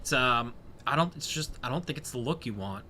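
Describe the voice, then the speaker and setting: Male co-host, mid pitch, bright tone, jokey and relaxed, faint noise behind. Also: a little fast. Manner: jokey, brings up news items. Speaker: podcast co-host. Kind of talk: casual sports chat.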